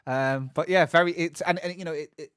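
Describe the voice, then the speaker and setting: A man's voice: a little high, steady tone, fairly quick, fairly bright tone, clean tone, no echo, clean studio sound. A man co-hosting a gaming podcast, talking casually and rambling with lots of restarts and asides. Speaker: podcast co-host. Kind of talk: casual chat.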